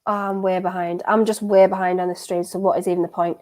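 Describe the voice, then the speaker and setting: A young woman with a fairly low voice talks fast while live-streaming a football watchalong. She reacts excitably to the match, swinging between laughing and dejected, and chats with the viewers throughout.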